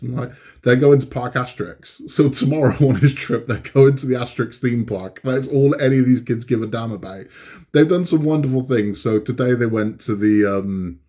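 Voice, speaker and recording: A man's voice: mid-range voice, darkish tone. A middle-aged man, hosting a casual, rambling weekly catch-up and laughing often as he talks. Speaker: channel host. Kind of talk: casual chat.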